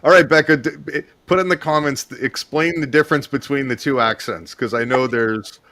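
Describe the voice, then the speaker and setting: A man's voice: medium pitch, a little fast, pushed and bright, dry recording. A man hosting a casual interview, giving short playful replies and steering toward the live comments. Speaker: show host.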